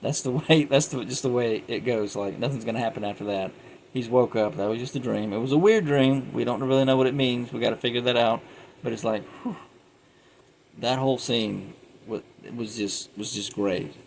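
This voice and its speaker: A man's voice: medium pitch, normal speed, vocal fry, slight background noise, poor audio. A man giving a casual, rambling film review, retelling scenes animatedly and often laughing.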